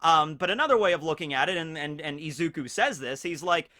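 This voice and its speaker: Animated, bright-voiced man reviewing anime. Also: on the high side, a little fast, hardly any pauses. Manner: energetic, animated, chuckles between points. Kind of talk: casual review commentary.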